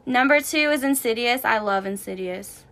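A woman co-hosting a relaxed podcast, bubbly and playful as she talks through favourites. Her voice sits high and sounds bright. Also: moderate pace. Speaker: podcast co-host. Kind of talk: casual chat.

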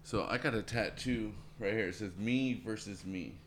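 A man's voice: normal speed, slight background noise. A man talking casually as a guest, earnest and motivational, often repeating words and calling people "man". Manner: acts out quoted voices in a higher pitch. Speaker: podcast guest. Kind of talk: casual conversation.

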